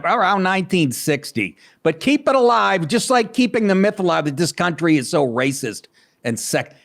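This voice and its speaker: A male podcast host cuts into a clip again and again to mock it. His comments are sarcastic and full of swearing. His voice sits a bit high and jumps around a lot. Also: gravelly, fairly bright tone. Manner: sarcastic, interrupting, swearing mockery. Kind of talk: profane commentary over a clip.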